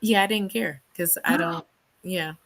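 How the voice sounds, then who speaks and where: Lively woman storyteller from New York. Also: mid-range voice, normal speed, creaky. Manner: animated storyteller, laughs often, acts out quotes loudly. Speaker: book club host. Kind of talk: casual storytelling chat.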